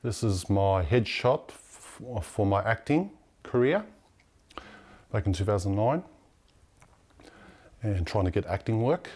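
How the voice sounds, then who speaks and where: A man, an actor, talking haltingly through his headshot and acting course certificates. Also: lowish voice, animated, darkish tone, breathy edge. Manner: halting, plain presenting. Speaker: actor showing his credentials. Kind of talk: casual narration.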